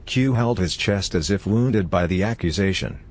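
A man reading a story aloud as narrator in a steady, even manner. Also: deep voice, moderate pace. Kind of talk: fan fiction audiobook reading.

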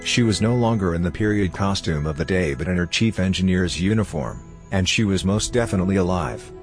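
Deep-voiced male story narrator. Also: expressive, a little fast, faint music behind. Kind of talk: fan fiction audiobook reading.

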